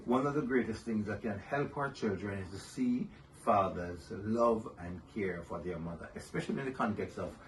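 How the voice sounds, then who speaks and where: An older man sharing fatherhood stories in an interview, gentle and measured, chuckling often. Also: fairly low pitch. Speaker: guest. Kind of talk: reflective interview storytelling. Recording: somewhat distant mic with faint noise.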